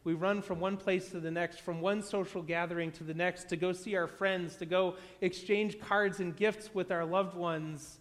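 A pastor from the United States preaching a sermon in a high voice, telling stories in a loose, conversational way and often restarting his sentences. A long reverb from a big hall trails every phrase. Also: steady tone, moderate pace, hardly any pauses, fairly bright tone. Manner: conversational storytelling with repeated restarts.

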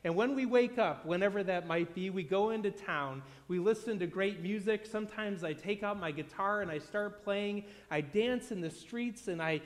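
A man's voice: high voice, normal speed, hardly any pauses, close to an everyday voice. A man doing a contented village fisherman. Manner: easygoing and plainspoken. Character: contented humble male village fisherman, unhurried. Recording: long hall reverb.

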